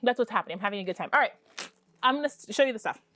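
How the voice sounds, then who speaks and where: A woman, a podcast host, runs a casual crafting vlog, chatting in an excitable way and tossing in self-deprecating asides. Her voice is a little high and she talks at a racing pace.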